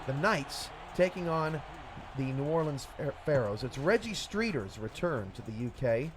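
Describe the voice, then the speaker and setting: A man calling the plays in esports football commentary, rising to shouts on big plays. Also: on the high side, animated, moderate pace, noisy background. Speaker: play-by-play commentator.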